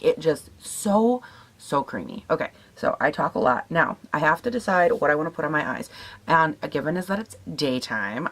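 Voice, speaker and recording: A young woman with a raspy morning voice, chatting casually as she tests makeup, swearing now and then and laughing at herself. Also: sits low. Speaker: beauty vlogger. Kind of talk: casual makeup tutorial chat.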